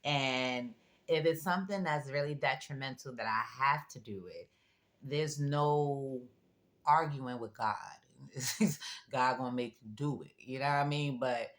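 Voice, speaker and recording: This is a woman with a strikingly deep, low voice, giving a casual vlog monologue. She tells her story in a chatty way, with asides to the listener. Small laughs come up as she goes. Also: unhurried. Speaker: vlogger.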